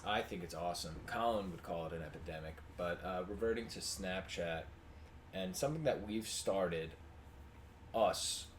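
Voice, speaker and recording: A young man co-hosting a podcast, telling stories in a casual, profane, animated way and jumping loud for the parts he quotes. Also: low-pitched. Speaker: podcast co-host. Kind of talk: casual storytelling chat. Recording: amateur podcast audio with faint noise.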